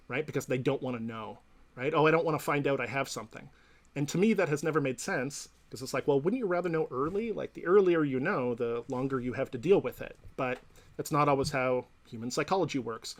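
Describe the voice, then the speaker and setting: Thoughtful man explaining at length. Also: mid-range voice. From Canada. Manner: thoughtful, explanatory, frequent "right?" and "you know". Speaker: interviewee, professor and psychotherapist. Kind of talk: reflective interview answer.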